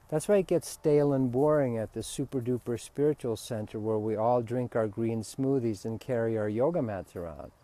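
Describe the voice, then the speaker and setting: A man, a spiritual teacher, giving a relaxed, candid talk and swearing freely. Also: mid-range voice, dry recording.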